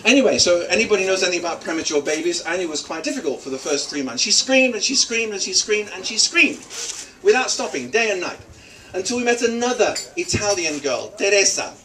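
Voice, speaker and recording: A man's voice: high-pitched, lively intonation, fairly quick, a bit bright. Joking father of the bride. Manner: joking, teasing the guests. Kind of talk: wedding speech. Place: wedding reception hall. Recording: distant, with crowd noise. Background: guests laughing and chattering.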